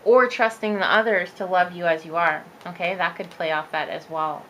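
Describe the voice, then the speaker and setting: A woman's voice: on the low side, steady tone, normal speed, a bit bright, a little hiss or hum, low-quality recording. A woman giving a chatty, upbeat tarot reading, talking straight to her viewers as a spiritual coach. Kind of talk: casual tarot reading monologue.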